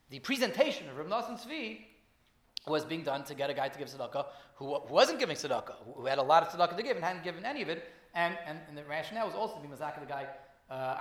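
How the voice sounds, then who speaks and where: Fast-talking man teaching a Torah class. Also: high-pitched, fairly bright tone, reverberant. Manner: storytelling, many restarts and repeated words.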